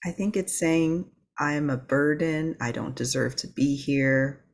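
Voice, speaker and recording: A woman's voice: sits low, unhurried. A woman hosting a podcast interview, affirming her guest and asking follow-up questions. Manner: warm, affirming listener with soft laughs. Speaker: podcast host. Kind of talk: interview chat.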